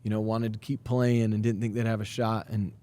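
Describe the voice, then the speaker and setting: A man in his thirties, a high school basketball coach, talking in a podcast interview in an earnest, energetic way with many fillers and restarts. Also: fairly quick.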